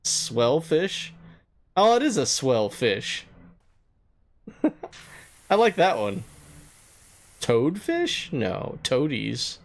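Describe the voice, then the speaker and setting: A man streaming a game and chatting casually with his viewers, laughing often and thinking out loud. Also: a little high, huge pitch swings, drawn-out words, pauses often. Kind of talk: casual gaming stream chat.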